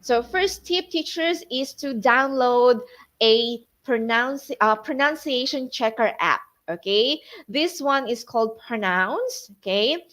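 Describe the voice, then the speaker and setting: A woman's voice: a little high, expressive, a bit bright. A woman from the Philippines leading an online webinar lesson for tutor applicants, drilling words aloud and often checking in with the listeners. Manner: slow, drilling words aloud, addresses listeners as teachers, frequent okay. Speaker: tutor trainer.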